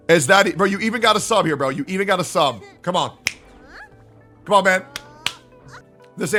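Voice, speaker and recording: A man's voice: high voice, expressive, fairly quick, long pauses, fairly bright tone, faint music behind. A male livestreamer who argues with his chat and swears a lot. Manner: argumentative, profane, talks back to chat. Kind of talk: live-stream chat reacting to viewers.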